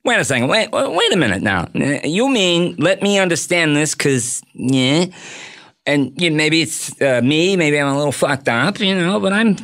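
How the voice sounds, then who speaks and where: A man's voice: on the high side, sing-song, moderate pace, a bit bright. A man doing an impression of a volatile, touchy middle-aged mobster who keeps repeating questions and swearing in a menacing way.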